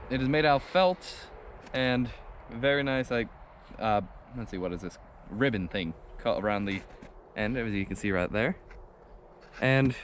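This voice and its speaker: A man's voice: medium pitch, a bit bright, a little hiss or hum. A man hosting a casual vlog, chatting loosely to camera from an outdoor trench. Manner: chatty, loose show-and-tell. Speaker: vlog host, reenactor.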